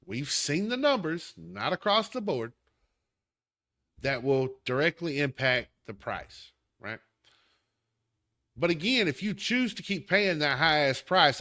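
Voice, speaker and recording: A man's voice: on the high side, big pitch swings, a little slow, pushed and bright. A man with a Southern accent hosting a podcast, delivering an emphatic, heated political commentary rant straight at the listener. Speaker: podcast host.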